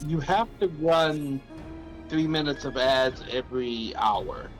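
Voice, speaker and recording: A man joins a live game stream and chats casually, adding quick, helpful corrections at a middling pitch. Faint game music plays under his voice. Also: poor audio. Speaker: co-player on call. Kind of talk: casual chat.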